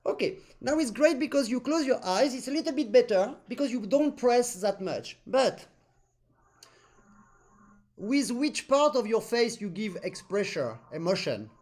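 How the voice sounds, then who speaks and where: A man coaching an accordion student in a lesson, a native French speaker talking in animated, non-native English and humming musical phrases. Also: extremely high pitch, measured pace. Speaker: accordion teacher. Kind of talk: masterclass coaching.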